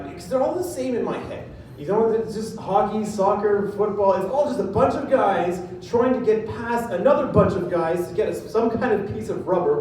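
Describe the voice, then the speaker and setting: A man's voice: high voice, mellow, distant mic, slight background noise. Man doing stand-up in an echoey club. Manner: rambling, self-deprecating delivery with filler pauses. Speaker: stand-up comedian. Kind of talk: stand-up comedy set.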